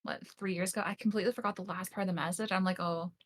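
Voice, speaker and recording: A woman talking quietly and casually in a stream, heard faintly from further away than the host. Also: mid-range voice, steady tone, racing. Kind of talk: casual chat.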